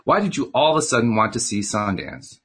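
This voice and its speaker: A man's voice: medium pitch, very animated, brisk, a bit bright, husky, voice pushed up, full character voice. A man reading as an irked, earnest pilot.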